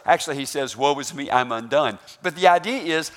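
A man preaching a sermon, animated, rising loud on emphasis and asking the congregation questions. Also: on the high side, brisk, hardly any pauses. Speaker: pastor.

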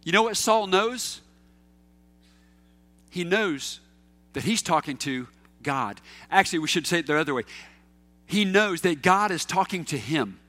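Pastor, male, middle-aged; high, forceful voice, easygoing anecdotal preaching with fillers. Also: animated, unhurried, long pauses. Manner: casual and anecdotal, with fillers and repeats. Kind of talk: conversational sermon.

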